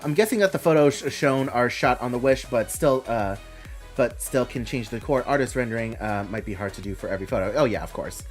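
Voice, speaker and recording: A man hosting a live stream, reading out announcements and thinking aloud with a rambling, casual manner. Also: medium pitch.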